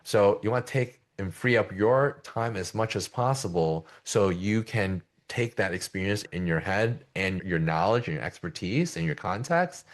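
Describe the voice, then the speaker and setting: A man's voice: lowish voice, expressive, moderate pace, few pauses. A middle-aged man presenting a business coaching session in a conversational way, often checking in with "right?". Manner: conversational, keeps asking "right?". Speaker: agency coach.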